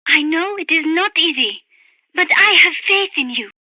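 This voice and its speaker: Gentle French bird lover, high bright voice, dry game-radio read. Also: female voice, animated, moderate pace, no room sound, exaggerated voice. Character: refined young French woman birdwatcher, gentle and dreamy. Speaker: radio support character.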